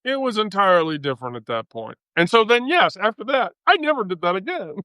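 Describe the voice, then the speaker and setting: A woman's voice: medium pitch, sing-song, fairly quick, fairly bright tone, dry recording. A woman hosting a livestream, telling a profane, laughing story in casual chat with frequent laughter. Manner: bawdy, profane, laughs through her story. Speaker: livestream host.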